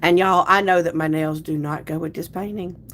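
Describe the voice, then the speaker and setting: A woman's voice: fairly low pitch, fairly even intonation, moderate pace, a bit bright, slight background noise. A woman hosts a casual livestream, chatting loosely with viewers and reading out their comments. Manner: chatty, rambling, restarts sentences. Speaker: livestream host.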